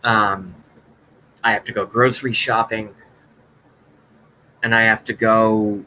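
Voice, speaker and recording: A man hosting a live broadcast, delivering a sarcastic rant in a sharp, forceful voice. He talks to his viewers in a mock-dramatic way, with a faint hum of noise behind him. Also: fairly low pitch, flat delivery, slow, pauses often, poor audio. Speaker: livestream host.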